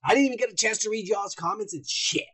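Male podcast host, high and raspy, loud profane storyteller. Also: quick pace. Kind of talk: profane casual banter.

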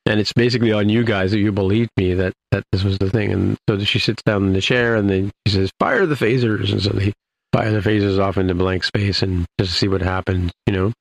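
A man talks through an episode recap in a loose, rambling way, like a podcast co-host chatting. His voice sits low, with a gravelly, creaky edge. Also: little pitch movement, a little fast, rough recording. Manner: rambling, loosely retelling scenes. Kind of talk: casual episode recap chat.

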